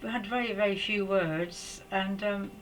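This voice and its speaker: An older woman from England tells a personal story to camera at home. She speaks softly and reflectively, with many hesitations and restarts. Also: medium pitch, steady tone, slight background noise, low-quality recording. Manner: halting, hesitant, with frequent restarts. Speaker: psychic storyteller.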